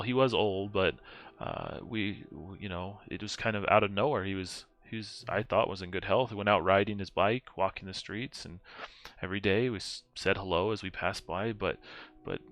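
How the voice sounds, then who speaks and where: A man's voice: fairly low pitch, a bit bright. A man voicing a flustered elderly female neighbor who stumbles and repeats herself.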